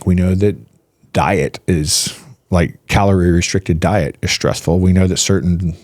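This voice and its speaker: A low-pitched man talks through ideas in a relaxed podcast chat, firing off rhetorical questions and checking in with "right?" as he goes. His voice is recorded close and dry, with no room sound around it. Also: unhurried, no room sound. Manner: animated, piles up rhetorical questions and "right?" tags. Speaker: physician guest. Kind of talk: casual podcast explanation.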